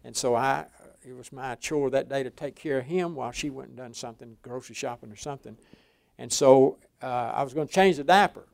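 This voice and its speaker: Older male preacher, gravelly, rambling storyteller with restarts, mid-pitched. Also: brisk, dry recording. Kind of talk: folksy sermon.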